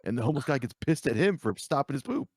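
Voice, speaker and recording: A man's voice: medium pitch, very animated, fast, darkish tone, slightly rough, no echo. A man co-hosting a podcast, eagerly describing a video in casual chat. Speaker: podcast co-host.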